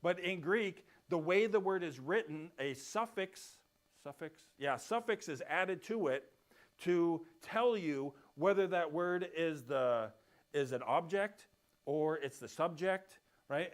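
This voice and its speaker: Man, Bible class teacher, slightly high voice, casual explainer who keeps checking the class follows. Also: measured pace. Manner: explains step by step, often checks in with "right?". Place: church classroom.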